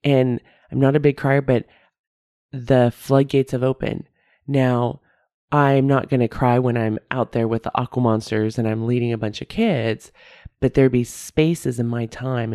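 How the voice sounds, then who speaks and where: Woman host, solo podcast, candid and self-mocking, low mellow tone, dry close sound. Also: vocal fry, dry recording. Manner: candid, laughs at herself, repeats key phrases. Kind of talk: reflective solo podcast talk.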